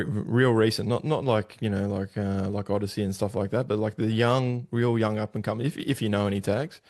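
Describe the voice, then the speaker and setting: A man's voice: fairly low pitch, a little mellow. A middle-aged Australian man hosting a podcast in casual chat, blunt and swearing freely. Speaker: podcast host.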